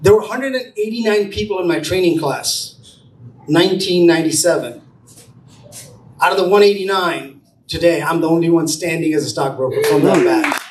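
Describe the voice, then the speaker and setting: A middle-aged man from India, speaking at a business brunch and telling his story in an animated way, acting out the dialogue. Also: fairly high pitch, normal speed. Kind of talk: motivational storytelling to a small audience. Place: event room at a brunch. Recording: roomy, distant mic, faint room noise.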